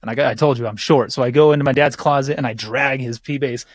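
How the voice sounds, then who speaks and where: A man chatting casually as a podcast guest, telling animated stories and swearing freely. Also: medium pitch, fast, no room sound. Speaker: guest bass teacher.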